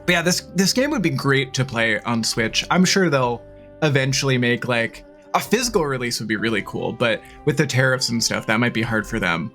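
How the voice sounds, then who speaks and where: Chatty woman streamer, voice bouncing up and down, giggly, quiet music behind. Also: extremely low pitch, expressive, normal speed. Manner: chatty, bubbly, laughs often. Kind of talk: casual live-stream chat. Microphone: desk mic.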